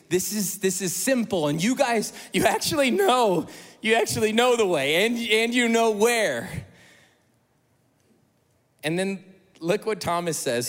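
Male pastor, sermon delivery, high pitch, dramatic loud-soft swings, long hall reverb. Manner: animated, acts out quoted voices with sudden loud bursts and hushed drops.

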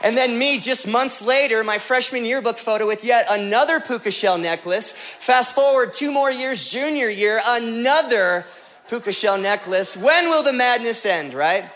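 High, bright-voiced joking pastor man. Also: normal speed. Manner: joking, animated storytelling with put-on voices. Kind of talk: comedic sermon.

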